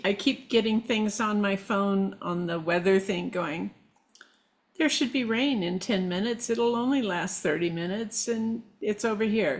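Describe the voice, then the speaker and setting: Slow, gravelly-voiced middle-aged woman. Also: mid-range voice. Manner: slow, meandering, halting with restarts. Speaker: guest, shamanic practitioner. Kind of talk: casual conversation.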